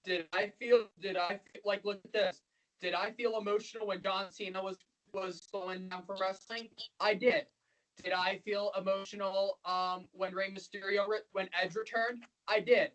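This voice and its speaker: A man's voice: high voice, little pitch movement, normal speed, a bit bright, low-quality recording. Male podcast co-host, casual chat, rambling and repetitive, openly emotional.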